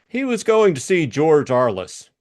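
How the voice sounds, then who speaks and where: A man's voice: fairly high pitch, big pitch swings, unhurried, darkish tone, pitched above the performer's own voice. A man voicing a cool, sardonic male private detective in an audiobook drama, keeping a light conversational tone. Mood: cool, wry.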